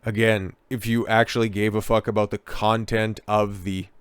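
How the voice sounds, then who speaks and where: A man in a low register rants through political commentary, profane and sarcastic throughout. His voice is smooth and clean, recorded dry and close. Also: flat delivery, moderate pace, dry recording. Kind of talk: ranting commentary.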